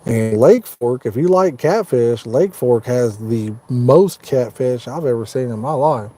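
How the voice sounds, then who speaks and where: A man's voice: mid-range voice, expressive, measured pace, dark tone. A man from Indiana, hosting a fishing live stream from inside his truck and chatting casually with viewers by name. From Indiana, United States. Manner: folksy, easygoing, talks to viewers by name. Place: inside a parked truck at night.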